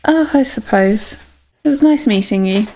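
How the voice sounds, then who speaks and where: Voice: medium pitch, animated, moderate pace, dark tone. A player speaking in character at a tabletop game, playful and dry.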